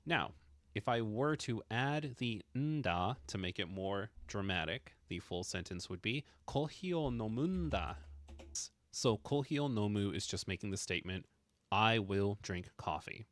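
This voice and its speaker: A man's voice: lowish voice, normal speed, a bit bright. A man teaching a casual language lesson, explaining with playful emphasis and jokes.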